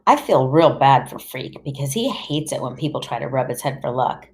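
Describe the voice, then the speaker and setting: Low-voiced woman narrating an audiobook. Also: animated, moderate pace, creaky, hardly any pauses, darkish tone. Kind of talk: first-person audiobook narration.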